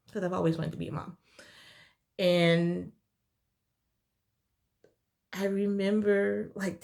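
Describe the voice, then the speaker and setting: A young woman telling a heartfelt personal story in a halting, tearful way, her voice at times dropping to a whisper. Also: lowish voice, creaky, darkish tone. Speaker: vlogger sharing a personal story. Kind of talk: emotional personal testimony.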